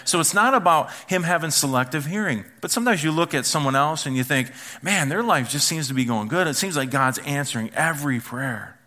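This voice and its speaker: Bright-voiced pastor preaching with playful humor. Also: male voice, medium pitch. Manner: playful storytelling, acts out yelling and whispering. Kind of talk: sermon.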